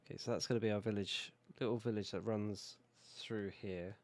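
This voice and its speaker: A British man with a hoarse voice from a cold, casually chatting while he builds in a city-building game. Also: fairly low pitch, moderate pace. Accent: British English. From Britain. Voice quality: relaxed, rambling, self-correcting. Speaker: video game streamer. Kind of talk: casual gameplay commentary.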